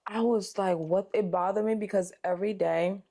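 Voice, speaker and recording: A woman's voice: medium pitch, steady tone, a little fast, mellow. Young female co-host, casual storyteller, swears a lot, acts out every quote. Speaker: podcast co-host.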